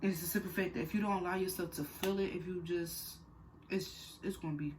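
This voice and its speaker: Young woman, low voice, candid conversational vlogger, earnest and direct, light background hiss. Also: steady tone, fairly quick, low-quality recording. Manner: candid, conversational, many fillers and repeats; earnest and direct when advising. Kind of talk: personal storytime vlog.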